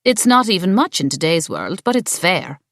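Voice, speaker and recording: A woman voicing a cool, pushy landlady who presses a deal in a brisk, businesslike way, in an audiobook. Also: lowish voice, big pitch swings, no echo, clean studio sound.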